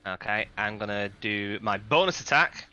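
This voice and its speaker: A man's voice: fairly low pitch, expressive, normal speed, bright, forceful tone, smooth, lo-fi sound. A man playing a tabletop game, reading rules aloud and checking his moves as he goes. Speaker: player. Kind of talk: casual tabletop game play.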